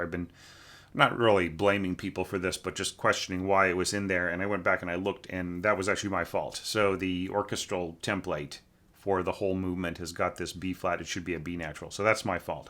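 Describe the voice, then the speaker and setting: Man, orchestration teacher, casual critique, lowish bright voice, scats lines, lots of "right?". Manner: informal, hums and scats musical lines to show phrasing; chatty, many fillers and tag questions. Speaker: orchestration teacher reviewing a student score.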